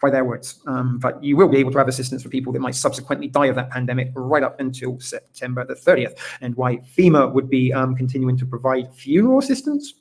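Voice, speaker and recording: A man's voice: medium pitch, quick pace, few pauses, rough recording. A man hosting a podcast live stream, rambling through casual commentary with many fillers and wry, sarcastic asides. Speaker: podcast host.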